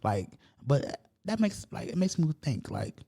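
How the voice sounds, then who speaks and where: A man's voice: a little high, unhurried, vocal fry, husky. A man hosting a podcast, loosely retelling a movie plot in a rambling, slangy way and acting out the characters' lines. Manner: rambling, loose slangy storytelling with animated quoted voices. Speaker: podcast host.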